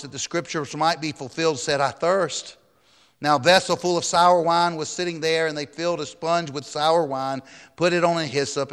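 A man's voice: a little high, a bit bright, clear, resonant tone, big-room sound. A man pastor preaching a sermon, reading scripture aloud dramatically and raising his voice on the quoted cries.

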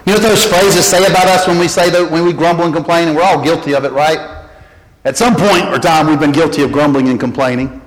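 A man's voice: fairly even intonation, fast talker. Earnest male pastor preaching in a hall. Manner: earnest preaching, drops low and quiet for emphasis, rises high when quoting. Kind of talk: sermon. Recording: long hall reverb.

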